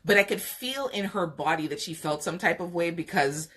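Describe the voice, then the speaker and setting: A woman podcast host telling a candid personal story, frank and chatty, laughing often and pausing to talk to viewers. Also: lowish voice, a bit bright, breathy edge. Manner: frank, laughing, drawn-out pauses. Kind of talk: candid storytelling on a live stream.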